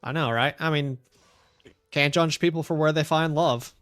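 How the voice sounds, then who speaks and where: A man streaming a video game, chatting in a casual, rambling way and talking softly to his pet. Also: a little high, fairly even intonation, moderate pace, smooth. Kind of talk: casual chat while gaming.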